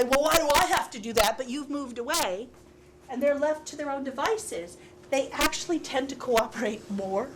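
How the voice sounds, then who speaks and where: A woman leading a parenting workshop, talking to parents in a lively, laughing way and often acting out little dialogues. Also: fairly high pitch. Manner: animated, laughing, acts out dialogues. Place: school workshop room. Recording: heavy hiss with clicks, 2000s local TV.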